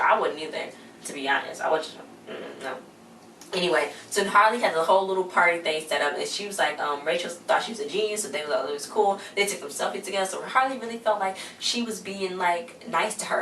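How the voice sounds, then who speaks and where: A young woman recapping a TV episode in casual chat, quoting characters with animated asides. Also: on the low side. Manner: chatty, quotes characters in exaggerated asides. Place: home in a hot desert city. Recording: roomy, distant mic with faint hiss.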